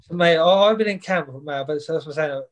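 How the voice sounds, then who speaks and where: A young boxer rambles through a casual interview chat, full of fillers and repetition. He talks fast in a fairly high voice, and the recording is rough.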